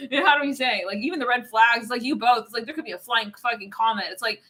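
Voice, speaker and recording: A woman's voice: a little high, a little fast, a bit bright, a little hiss or hum. A woman giving a casual live tarot reading, rambling with many fillers, swearing and laughing often. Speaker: tarot card reader.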